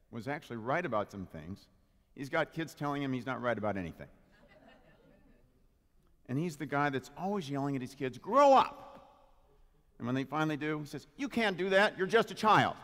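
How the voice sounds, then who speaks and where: A man delivers a light-hearted sermon at a mid-range pitch, joking with the listeners and pulling them into the talk. His microphone voice rings out with a long hall reverb around it. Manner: playful, jokey, engages the audience. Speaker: spiritual practitioner giving a talk. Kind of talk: humorous Father's Day sermon. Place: congregation hall with live audience. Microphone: handheld or stand microphone.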